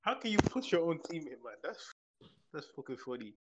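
A man's voice: a little high, sing-song, brisk, very noisy. A man co-hosting a podcast, making wry jokes about football and repeating his punchlines. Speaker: podcast co-host. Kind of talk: casual banter about football.

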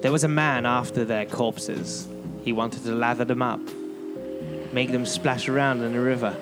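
Guy doing a gruff detective voice, slow and low, music behind. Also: fairly even intonation, close to an everyday voice. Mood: grave.

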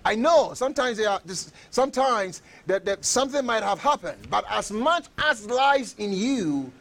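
High, lively-voiced man preaching slowly. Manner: emphatic preaching, repeats phrases, bursts into shouts. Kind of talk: sermon.

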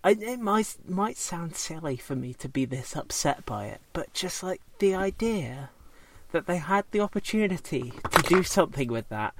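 A man's voice: a little high, lively intonation, moderate pace, slight background noise. A man chatting casually as a co-host, rambling and hesitant with many fillers and restarts. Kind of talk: casual chat.

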